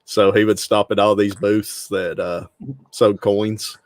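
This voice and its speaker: A middle-aged Southern man from Tennessee with a lower voice tells stories in an easygoing way and laughs a lot. The recording is dry. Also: level tone, slow, dry recording. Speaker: guest. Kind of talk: casual interview talk.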